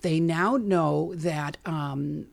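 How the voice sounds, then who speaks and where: A woman from Chicago, USA, who makes bug repellent, is a guest in a casual interview talking about her work. Her low, gravelly voice has vocal fry, and she draws out her words. She's chatty and animated, hopping between asides and fillers.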